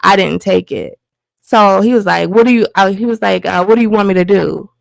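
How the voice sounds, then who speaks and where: A woman's voice: mid-range voice, a little fast, vocal fry, no echo. A woman telling a personal story as a guest, acting out the lines of the people involved as she goes. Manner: animated retelling with quoted dialogue. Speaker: guest, host's wife.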